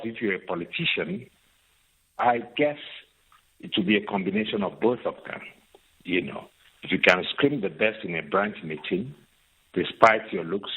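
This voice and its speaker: A man's voice: low-pitched, a bit bright, breathy edge, low-quality recording. A man from South Africa calling in to a radio show, wry and analytical with chuckling asides. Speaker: caller. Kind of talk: phone-in comment.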